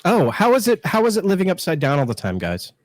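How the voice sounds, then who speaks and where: A man's voice: high-pitched, wildly swooping pitch, fast talker, dry recording, rough recording. A man in his thirties, a guest on a casual live-stream chat over a video call, joking and teasing himself and laughing often. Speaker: guest, political scientist and show host.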